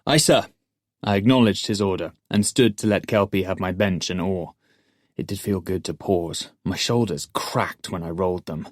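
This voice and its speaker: A man narrating a fantasy audiobook in the first person, in a measured storytelling manner. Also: deep voice, fairly even intonation, no echo, studio quality.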